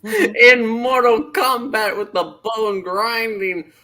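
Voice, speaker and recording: Bright-voiced man hosting a comic chat. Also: extremely high pitch, slow. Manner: laughs often, jokey. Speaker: host. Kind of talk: casual comic podcast chat.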